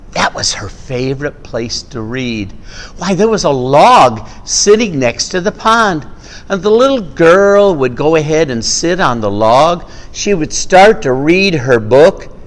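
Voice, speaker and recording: A man tells a farm tale to families in a slow, drawn-out way, his pitch leaping up and down as he acts out the animal noises. His voice rings with a long reverb. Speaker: storyteller. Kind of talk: family storytelling with puppets.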